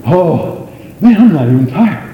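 A preacher as a boastful winning runner. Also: male voice, fairly high pitch, big pitch swings, unhurried, warm tone, slight background noise. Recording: echoey hall.

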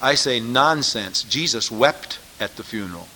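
A man's voice: mid-range voice, expressive, measured pace, sharp tone, a little hiss or hum. A man preaching a sermon, pressing his listeners with emphatic rhetorical questions.

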